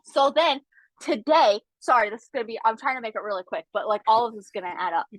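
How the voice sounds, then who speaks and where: High, lively woman telling a story. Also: fast, dry recording, poor audio. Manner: animated, chatty, with frequent asides. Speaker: podcast co-host. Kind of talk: casual chat, storytelling.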